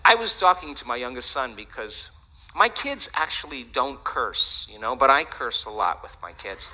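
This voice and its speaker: A man giving a lively, joking talk to an audience, chatty and animated. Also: mid-range voice, moderate pace, a little hiss or hum, poor audio. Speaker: speaker.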